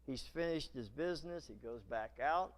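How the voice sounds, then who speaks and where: A male pastor preaching a sermon in a church, retelling scripture in a dramatic, animated storytelling manner. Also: medium pitch, moderate pace.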